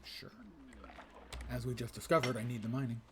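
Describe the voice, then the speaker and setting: A man's voice: mid-range voice, flat delivery, normal speed, background noise. A man streaming a game live, talking wryly to himself and reading quest text aloud. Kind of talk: casual live gameplay commentary.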